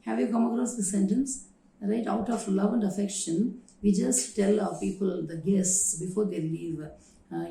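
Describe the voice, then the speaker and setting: Mellow woman teaching. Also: mid-range voice, fairly even intonation, vocal fry. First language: Tamil. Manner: measured and instructive, repeats example sentences. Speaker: teacher of English communication. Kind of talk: recorded lecture. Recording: roomy echo.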